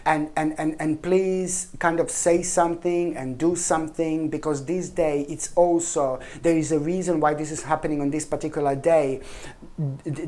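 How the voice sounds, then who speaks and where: A woman with a low, deep voice reads tarot for her viewers. She speaks with earnest urgency, pleading with the listener and often repeating or restarting words as she goes. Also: mellow. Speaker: tarot reader. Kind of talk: tarot reading monologue.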